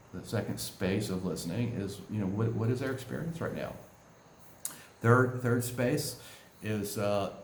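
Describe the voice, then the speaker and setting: A man with a very low voice teaches in an easygoing way, often ending his points with a quick "right?" He sounds like a coach giving a talk. The recording has a roomy echo. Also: darkish tone, a little hiss or hum. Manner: conversational, keeps asking "right?".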